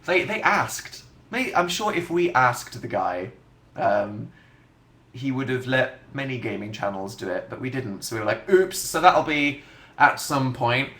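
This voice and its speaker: A man's voice: medium pitch, animated, measured pace, sharp tone, reverberant. A young man hosting a casual livestream, chatting in a dry, self-mocking way as he answers viewer comments. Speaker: livestream host.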